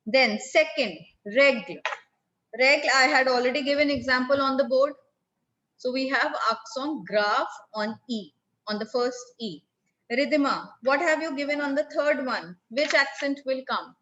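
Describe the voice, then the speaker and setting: Woman, French teacher, video call class, slow careful speech, bright tone. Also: sits high, dull audio, slight background noise. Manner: calls on students by name, repeats answers.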